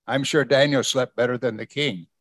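Working through scripture one verse at a time, this male pastor talks conversationally and poses questions to the congregation. His medium-pitched voice is steady and fairly bright, at a normal pace, in a dry recording.

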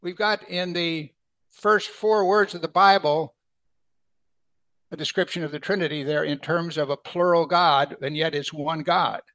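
A man preaching a Bible sermon, emphatic, lifting his voice on key words and then dropping it soft. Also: on the high side, fairly even intonation, unhurried, dry recording. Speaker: pastor.

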